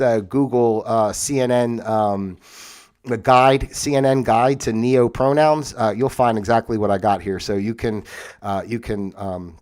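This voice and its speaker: A livestream host reads aloud from a web page, drifting into casual, incredulous asides. His voice is medium-pitched and a little mellow. He uses a webcam setup and moves on and off camera.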